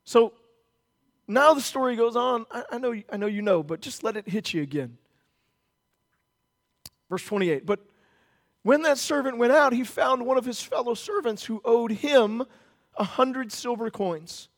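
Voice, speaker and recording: A pastor preaching a sermon, emphatic, slowing down for stress and acting out the story's characters in quick asides. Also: male voice, very high-pitched, animated. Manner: emphatic preaching, dramatizes scripture with voiced asides.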